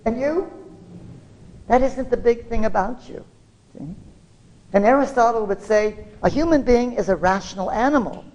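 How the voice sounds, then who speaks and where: A scholar giving a lively lecture, quizzing the audience with jokey asides. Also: mid-range voice, moderate pace, long pauses, muffled recording.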